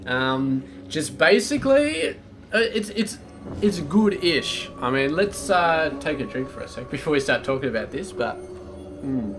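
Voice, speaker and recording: A man's voice: a little high, big pitch swings, normal speed, music in the background. A man casting a strategy game match solo, in a casual, chatty way with rambling asides. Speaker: game caster. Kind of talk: solo esports commentary.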